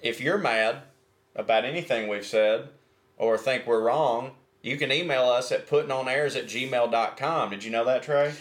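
A man's voice: medium pitch, normal speed. A young American man co-hosting a podcast, laid-back and cutting in with short remarks and agreements. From United States. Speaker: podcast co-host. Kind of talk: casual chat.

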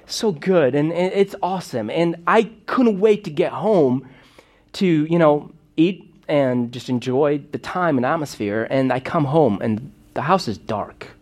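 A man's voice: on the high side, expressive, unhurried, darkish tone. A man telling a personal story in a sermon, talking in a loose, conversational way full of fillers and restarts. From Moldova. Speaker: preacher.

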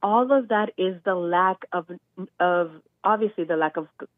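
A woman's voice: fairly low pitch, moderate pace, dry recording. A woman calling in to a talk show, sick with a nasal voice, speaking animatedly and acting out quotes. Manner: animated, acts out quotes with laughs. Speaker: caller. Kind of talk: call-in discussion. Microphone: phone call. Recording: tinny phone line.

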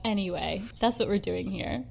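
A woman's voice: mid-range voice, moderate pace, vocal fry, darkish tone. A woman co-hosting a casual podcast, giggling often and swearing freely. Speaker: podcast co-host. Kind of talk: casual chat. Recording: faint background noise, home recording.

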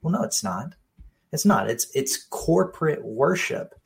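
A man's voice: a little high, sing-song, measured pace, creaky. A man who is a pastor, co-hosting a casual faith podcast and explaining his views in a conversational, sometimes emphatic way.

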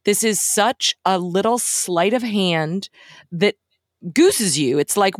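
A woman co-hosts a casual podcast and picks apart a film with thoughtful, analytical remarks, swearing now and then. Her voice sits at a middle pitch. The recording is dry and close. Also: lively intonation, slow, no room sound. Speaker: podcast co-host.

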